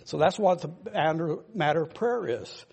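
A man's voice: fairly high pitch, normal speed, vocal fry, darkish tone, husky. An older man giving an informal, rambling sermon, emphatic and full of asides to his listeners. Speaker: pastor.

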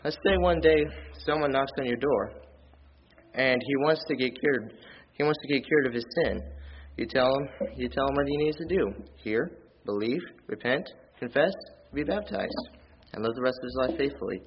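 A man preaching a sermon in church, reading scripture aloud in a plain, earnest way and rising in pitch and volume on his key points. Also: normal speed, muffled recording, a little hiss or hum. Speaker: lay preacher.

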